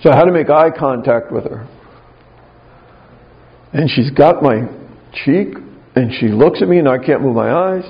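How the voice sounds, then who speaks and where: A man with a gravelly, slightly husky voice gives a spiritual talk, conversational and wry, weaving in personal stories. The sound is a dull, lo-fi recording. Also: medium pitch, normal speed, pauses often.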